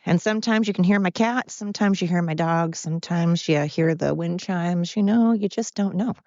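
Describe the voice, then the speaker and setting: A woman's voice: lowish voice, moderate pace, a little mellow, no room sound. Tired woman, casual rambling monologue, dull dry home recording. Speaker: podcast host. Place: at home with pets.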